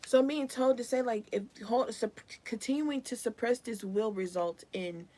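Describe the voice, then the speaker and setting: A woman's voice: on the high side, moderate pace, dark tone. A young woman giving a live collective tarot reading in a casual, rambling, slangy way. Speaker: tarot reader.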